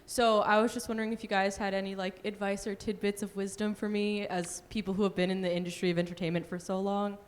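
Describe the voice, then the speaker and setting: A woman's voice: mid-range voice, level tone, fast talker, few pauses. A young woman in her twenties asks the panel a question in a friendly, slightly nervous way. Her voice carries a long echo from a large convention hall. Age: 20s. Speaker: audience member asking a question.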